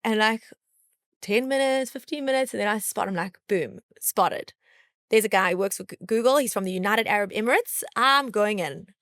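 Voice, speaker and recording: A South African woman, a guest in a casual chat, telling a story in a lively way and acting out the dialogue. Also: a little fast, no room sound, clean studio sound. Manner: lively, acts out dialogue with big pitch jumps. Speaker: guest, agency founder.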